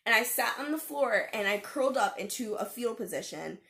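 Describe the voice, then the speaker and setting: A young woman vlogger telling a personal story in a casual, animated way, with fillers and laughs. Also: on the high side, brisk, vocal fry.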